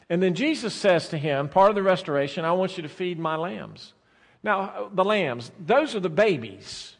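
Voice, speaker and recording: A man preaching a sermon as pastor, swinging between soft, drawn-out phrases and loud, emphatic bursts. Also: high voice, animated. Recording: long reverb of a large hall.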